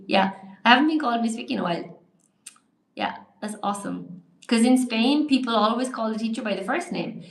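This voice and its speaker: A woman's voice: fairly high pitch, fairly bright tone, echoey room. An Irish woman teaching English on a live stream, chatting through viewer comments aloud and answering them. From Ireland.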